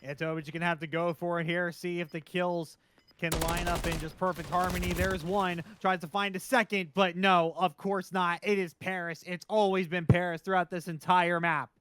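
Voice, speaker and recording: High voiced guy calling a shooter match, hypes up fast, game gunfire loud behind him. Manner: fast, excitable, rising in big moments. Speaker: esports caster. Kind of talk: play-by-play commentary. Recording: noisy game audio behind.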